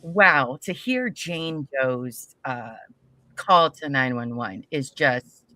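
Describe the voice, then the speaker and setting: A woman's voice: rumbling low, lively intonation, slow pace, bright, forceful tone, dry recording. A woman co-hosting a podcast, chatting in a playful, teasing way. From US Midwest. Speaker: podcast co-host. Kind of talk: casual podcast chat.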